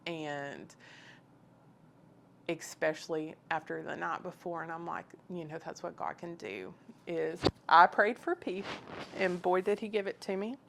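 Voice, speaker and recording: A woman's voice: on the low side, fairly even intonation, a little slow, gravelly, a bit bright, a little hiss or hum. A woman telling her personal faith story in an earnest, emotional, conversational way. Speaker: guest sharing her testimony.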